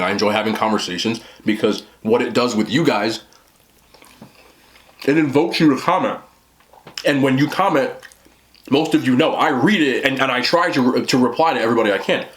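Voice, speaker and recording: Slight background noise accompanies a young mukbang vlogger with a medium-pitched voice. He chats casually as he eats on camera, rambling and often talking with a mouthful.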